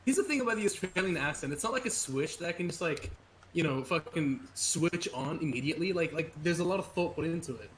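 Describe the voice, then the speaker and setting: A man's voice: a little high, lively intonation, fast talker, slight background noise, rough recording. A man chatting casually on a gaming stream, rambling and swearing with many restarts.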